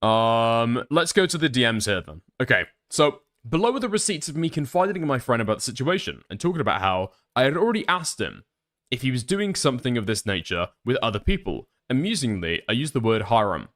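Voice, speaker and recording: A man riffing through a reaction stream with biting sarcasm and plenty of swearing. His pitch sits mid-range but bounces around with a lot of expression. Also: sing-song, fairly quick, a bit bright. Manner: sarcastic, profane, musing aloud. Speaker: stream commentator. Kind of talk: reaction commentary.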